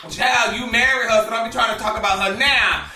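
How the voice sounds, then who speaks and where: Sassy high-voiced man dishing gossip. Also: steady tone, fairly quick, sharp tone. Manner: sassy, laughing, exclamatory. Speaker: gossip show host. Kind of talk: casual drama commentary. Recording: echoey room, distant from mic, faint music.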